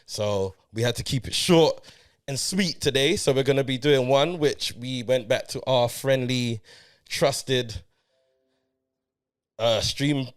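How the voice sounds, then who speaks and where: A man's voice: mid-range voice, slow pace, clear, resonant tone. A young man co-hosting a film review podcast in casual chat, laid-back and full of "yeah, yeah".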